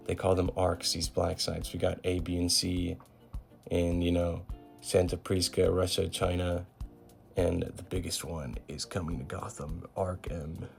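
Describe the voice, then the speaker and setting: A man's voice: low-pitched, monotone, a little slow, gravelly, a little mellow, soft background music. A man giving a casual, slangy recap of a comic, paraphrasing each scene in an offhand storytelling way. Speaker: comic book recap host.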